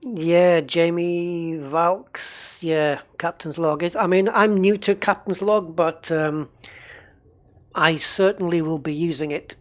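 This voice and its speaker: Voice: mid-range voice, fairly even intonation, slow pace. A game livestreamer giving casual, rambling commentary while playing and chatting with viewers. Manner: rambling, chatty, reads and answers viewer chat.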